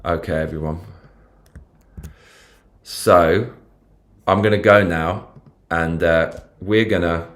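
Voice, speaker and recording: Man, London accent, deep voice, rambling and profane, livestream commentary. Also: fairly even intonation, slow, long pauses. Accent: London English. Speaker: livestream host. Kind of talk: casual political commentary livestream.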